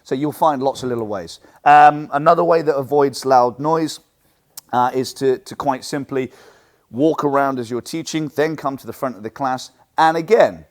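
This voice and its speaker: A man teaching a coaching seminar for martial arts instructors, lively and animated, acting out what he says to students. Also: medium pitch, moderate pace. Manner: lively, animated, acts out quotes.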